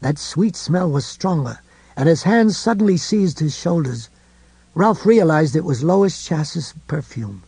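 Gravelly, husky-voiced male narrator. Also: a little high, animated, measured pace, mellow, no echo. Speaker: audiobook narrator. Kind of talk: scripted narration of a novel.

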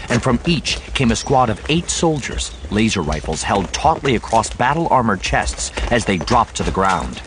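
A man's voice: on the low side, background noise. A man narrating an audiobook dramatically, voicing each character himself.

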